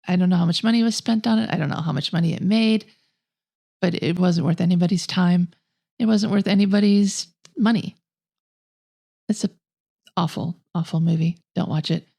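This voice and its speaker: A woman's voice: lowish voice, moderate pace, gravelly, long pauses, mellow. A woman co-hosting a film podcast, giving a blunt and scathing review in casual chat. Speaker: podcast co-host.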